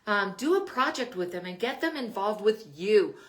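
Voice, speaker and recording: A woman's voice: medium pitch, lively intonation, moderate pace, a little hiss or hum. An older woman hosting a podcast, giving parenting advice in a casual, chatty way with frequent laughs. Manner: chatty, laughs often between points.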